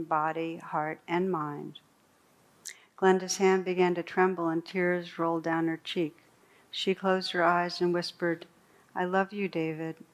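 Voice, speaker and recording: In a meditation hall, a woman teacher with a fairly low voice gives a dharma talk, reading a true story aloud. Her storytelling is slow and gentle, with soft pauses.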